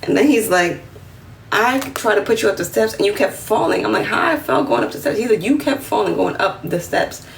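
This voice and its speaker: A gravelly, mid-range voice, a little fast, belongs to a twenties woman from New York telling a casual livestream story. She's animated and slangy and acts out quotes loudly. Slightly distant, roomy phone audio carries faint room noise.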